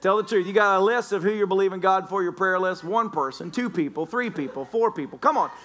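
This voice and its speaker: High bright-voiced pastor preaching. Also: male voice, brisk. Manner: joking, playful storytelling with the congregation. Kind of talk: sermon. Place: church sanctuary.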